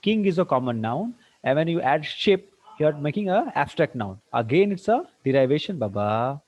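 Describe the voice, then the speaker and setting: A man's voice: on the high side, big pitch swings, darkish tone. Male teacher quizzing students. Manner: asks quick questions, mixes in Hindi. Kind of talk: online tutorial quizzing students. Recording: dull lo-fi dry sound.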